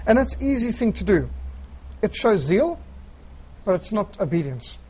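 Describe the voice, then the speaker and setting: Husky-voiced male preacher. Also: sits high, sing-song, normal speed, rough recording. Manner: earnest storytelling, quiet emphatic phrasing. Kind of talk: sermon.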